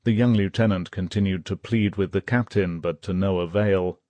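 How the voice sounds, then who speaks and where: A man reading an audiobook in steady, measured scripted narration. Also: sits low, no room sound, muffled recording. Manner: measured, steady storytelling, voicing characters' shouts.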